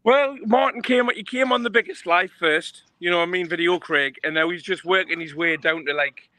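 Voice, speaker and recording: A man's voice: high voice, brisk, pushed and bright, dry recording. A man who is a guest on a casual livestream chat, cheeky and mocking.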